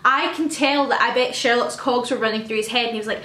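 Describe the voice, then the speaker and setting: A young woman pours out her feelings in an effusive, emotional fan chat to camera. Her voice sits on the high side, and the recording carries a roomy echo. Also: fast, sharp tone. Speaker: vlogger.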